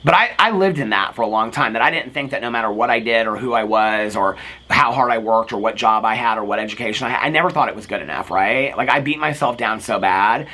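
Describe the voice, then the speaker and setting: Bright-voiced gossipy man. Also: medium pitch, quick pace. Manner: chatty and gossipy, full of fillers. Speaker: host. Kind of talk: casual TV recap chat.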